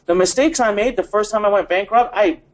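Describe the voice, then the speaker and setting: A man's voice: sits high, brisk. A man hosting a live motivational webinar, speaking emphatically, repeating phrases and addressing the viewers directly. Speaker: webinar host.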